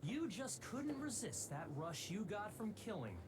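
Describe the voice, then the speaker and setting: A man's voice: sits high, big pitch swings, measured pace, noisy background. A man voicing an arrogant, cold young man in a game, speaking with cutting condescension. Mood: scornful. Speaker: voice actor.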